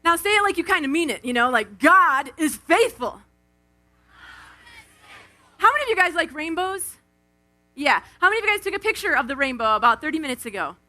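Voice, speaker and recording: A woman giving a lively devotional talk from an outdoor event stage, acting out quotes and calling on the crowd on a stage microphone. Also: high voice. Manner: animated, acts out quotes, calls on the crowd. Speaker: speaker at a live Christian event. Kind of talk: energetic devotional talk with storytelling.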